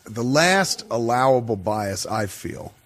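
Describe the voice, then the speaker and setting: A man telling a story in a casual, profane way, acting out the people in it with higher voices. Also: slow, slight background noise. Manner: animated, swears constantly, acts out quoted people in higher voices. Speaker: guest storyteller.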